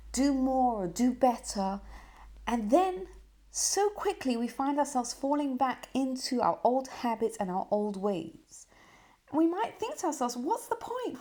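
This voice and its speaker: Expressive woman teaching a Torah lesson. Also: fairly high pitch. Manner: expressive, with rhetorical questions and dips into soft emphasis. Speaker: podcast host and Torah teacher. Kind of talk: spoken Torah lesson with storytelling.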